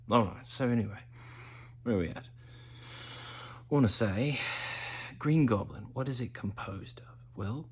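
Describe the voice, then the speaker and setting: A man hosting a casual monologue while high, drifting into whispery asides. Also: unhurried, pauses often, slight background noise. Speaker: host.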